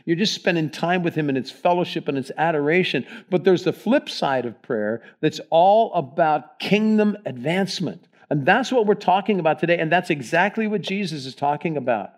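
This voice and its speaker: A man preaching a sermon as pastor, leading the congregation in reading aloud, with sharp swings between loud emphasis and hushed prayer. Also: a little high, animated, normal speed, few pauses. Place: church sanctuary.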